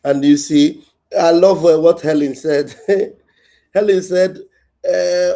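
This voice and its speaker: A man hosts a call-in talk show in a slightly higher register. He chats casually and laughs often between his points. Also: fairly even intonation, takes it slowly, mellow. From Nigeria. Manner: laughs often, short backchannel hums. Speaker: host.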